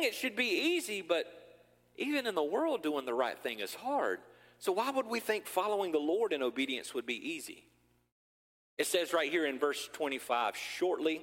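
Lively high-voiced male preacher. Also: in a large hall. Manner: animated, joking, acts out scenes. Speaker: pastor. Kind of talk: sermon.

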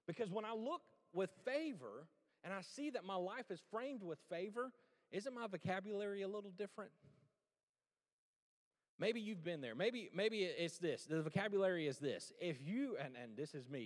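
Animated preaching man in a reverberant hall. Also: a little high, moderate pace. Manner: animated and conversational, joking asides. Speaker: pastor. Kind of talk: sermon.

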